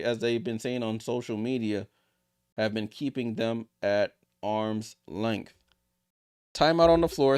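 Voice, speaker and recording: A man streaming a live basketball watchalong, calling the play-by-play and chatting to his viewers, getting louder and higher on big plays. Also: unhurried, clear, resonant tone, dry recording, studio quality.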